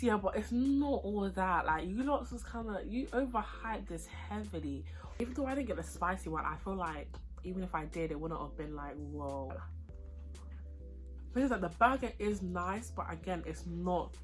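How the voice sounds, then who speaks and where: A young woman, chatting casually while eating and reviewing food and a film. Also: on the low side. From United Kingdom. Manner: chatty, excitable, slangy, eating while talking. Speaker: vlogger. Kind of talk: casual mukbang chat and review.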